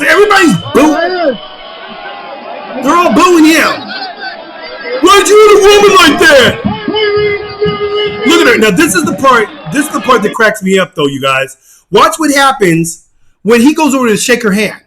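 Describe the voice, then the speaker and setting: A man hosting casual commentary on a fight video, excitable, laughing and repeating himself. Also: very high-pitched, moderate pace, pauses often, over loud music, a loud crowd. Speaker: channel host.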